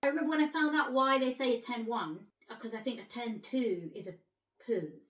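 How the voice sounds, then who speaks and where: A woman's voice: a little high, fairly quick. Here is a woman from England chatting and laughing freely. She asks eager, curious questions in a casual tone. The room around her is echoey. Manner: giggly, curious, animated questions. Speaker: actress and host. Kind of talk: casual chat.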